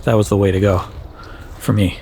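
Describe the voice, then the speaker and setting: A man from Wisconsin chatting casually to camera outdoors in his backyard, rambling and correcting himself, often jumping up in pitch for emphasis. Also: fairly even intonation, fairly quick, mellow, a little hiss or hum. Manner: rambling, self-correcting, playful, with big jumps up in pitch. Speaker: YouTuber. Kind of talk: casual vlog chat.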